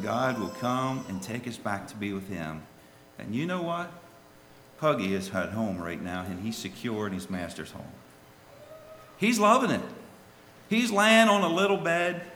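A man preaching a sermon and telling a children's story, swinging from soft, low asides to loud, high pleas. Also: a little hiss or hum. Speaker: lay preacher. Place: church. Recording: echoey hall with faint ambience.

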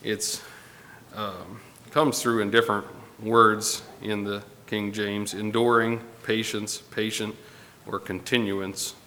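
A man preaching a Sunday morning sermon to his congregation, unhurried and pausing often with fillers. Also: fairly low pitch, flat delivery, pushed and bright, slight background noise. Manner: unhurried, pausing with fillers, reading scripture aloud. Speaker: pastor. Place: church sanctuary. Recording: long hall reverb with faint ambience.

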